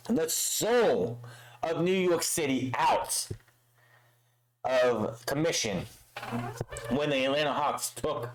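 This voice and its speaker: A man's voice: medium pitch, rough recording. A man recapping a wrestling show in a casual, profane way, acting out the lines he quotes.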